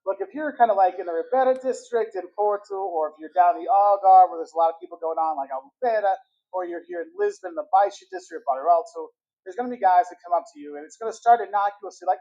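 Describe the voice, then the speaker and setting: A man hosting a travel video, giving quick tips and acting out the lines of street hustlers. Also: sits high, highs cut off. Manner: animated, acts out scammers' lines. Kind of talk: brisk travel-tips talk to camera.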